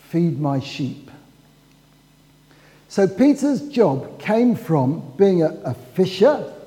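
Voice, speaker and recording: A man preaching in a church, his voice raised high for a man and mellow in tone. He tells the story at an unhurried pace and acts out the quoted dialogue. His words ring with a long reverb through the hall. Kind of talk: sermon.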